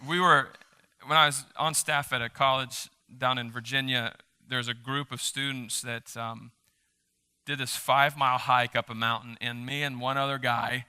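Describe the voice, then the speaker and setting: A male pastor giving a live sermon in a church, animated and emphatic, joking with the congregation. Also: mid-range voice, moderate pace, smooth. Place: church sanctuary during a service.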